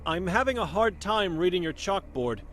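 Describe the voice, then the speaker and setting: A man's voice: high-pitched, animated, moderate pace, loud music behind the voice. A man voicing a young monk in a game who presses with earnest questions about his missing sister. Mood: urgent, earnest.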